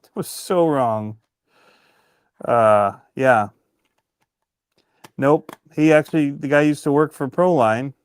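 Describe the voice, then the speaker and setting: A man's voice: mid-range voice, takes it slowly, pauses often, smooth, no echo, studio quality. A man co-hosting a live hobby stream, talking casually and laughing at his own mistakes. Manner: relaxed, laughs at himself. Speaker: co-host of a hobby talk stream. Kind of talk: casual chat.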